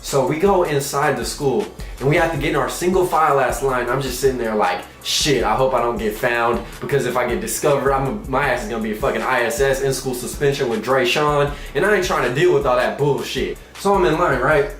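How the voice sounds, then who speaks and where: A young man telling a comic personal story, animated and profane, acting out quotes in shifting voices. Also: medium pitch, brisk, hardly any pauses, reverberant, faint music behind.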